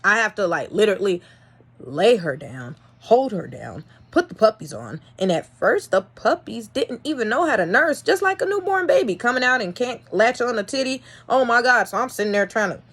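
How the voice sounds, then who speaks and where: A young woman breeder telling a casual vlog story in an animated, exasperated way, swinging between loud and soft. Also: fairly high pitch, normal speed, slightly rough. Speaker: dog breeder.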